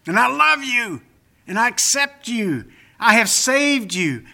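A man's voice: very high voice, very animated, slow pace, creaky, bright, forceful tone, voice pushed up, full character voice. A man voicing God as a loving fatherly deity, speaking in emphatic, reassuring declarations.

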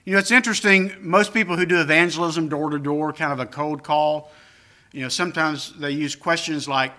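A man's voice: fairly high pitch, brisk, sharp tone. An older man preaching a sermon, earnest and emphatic, with personal asides. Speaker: pastor.

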